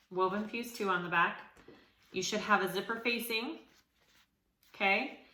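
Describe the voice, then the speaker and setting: Woman host, chatty and encouraging, bright tone, recorded in an echoey room. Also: lowish voice. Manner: chatty, encouraging, frequent fillers. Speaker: sewing tutorial host. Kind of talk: casual tutorial talk.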